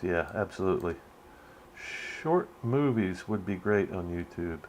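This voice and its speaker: A man's voice: sits low, animated, unhurried, a little mellow, a little hiss or hum. A man hosting a casual, rambling commentary on a movie. He laughs often and swears now and then. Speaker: channel host.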